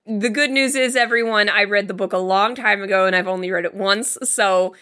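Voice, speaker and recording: A woman's voice: medium pitch, a little fast, pushed and bright. A woman co-hosting a podcast, chatting casually and emphatically about a movie, cursing freely. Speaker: podcast co-host. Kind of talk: casual movie review chat.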